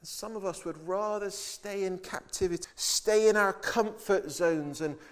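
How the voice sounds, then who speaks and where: A man's voice: sits high, unhurried. A man preaching a sermon with emphatic delivery, acting out the voices of biblical figures in the quotes.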